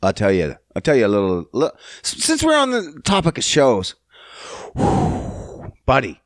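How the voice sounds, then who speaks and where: Young male podcast host, profane and excitable, slow delivery with big pitch swings, dry close mic. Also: no echo. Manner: profane, animated, swings loud when worked up. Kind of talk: casual solo podcast rant.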